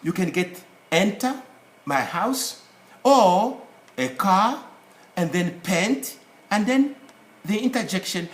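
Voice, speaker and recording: A man's voice: sits high, lively intonation, slow, pauses often. A man with an African English accent teaching an English spelling and pronunciation lesson, repeating words to drill them. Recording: echoey room, faint background noise.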